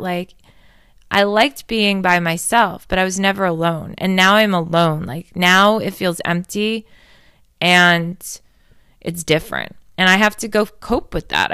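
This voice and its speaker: A woman's voice: fairly low pitch, sharp tone, clean tone, dry recording, clean studio sound. A young adult woman hosting a casual confessional talk, candid and rambling, swearing freely and poking fun at herself.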